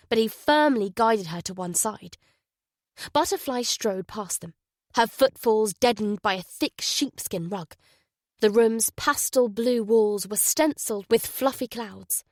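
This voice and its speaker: A woman narrating a mystery thriller audiobook at a measured pace. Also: mid-range voice, dry recording, studio quality. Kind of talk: scripted narration.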